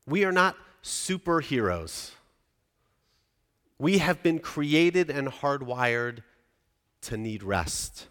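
A man's voice: medium pitch, very animated, slow pace, pauses often, a bit bright, clean tone. A man in his forties preaching a sermon in a conversational way, often putting questions to the congregation. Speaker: pastor. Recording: reverberant church hall.

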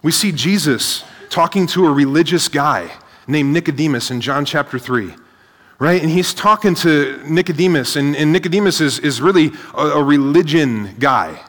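Man, preacher, sermon, energetic, rhetorical questions, slightly high voice, long hall reverb. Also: normal speed. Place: large hall with a live audience.

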